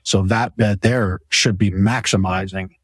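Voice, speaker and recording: A man with a low, steady voice talks a little slowly in a dry recording. He owns a mattress store and hosts a casual podcast from its showroom, rambling with enthusiasm as he pitches his products.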